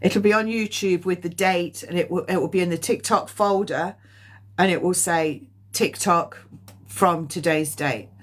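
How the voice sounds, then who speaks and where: A woman medium gives a live psychic reading in a fairly low voice at a measured pace. She rambles with lots of ums, coughs often, and at times grows emotional, close to tears.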